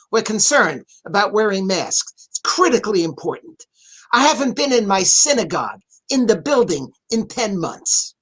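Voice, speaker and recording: A man's voice: sits high, a bit bright, slightly rough. A man, a rabbi appearing as a guest, teaching a Bible passage in an online interview, speaking earnestly and repeating his key phrases for emphasis. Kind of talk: Torah talk in an online interview.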